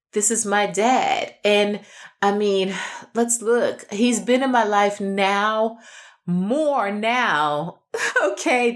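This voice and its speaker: A woman hosting a podcast, telling a personal story, laughing often and checking in with her listeners. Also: medium pitch. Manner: laughs often, drawn-out delivery, keeps asking "okay?". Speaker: podcast host.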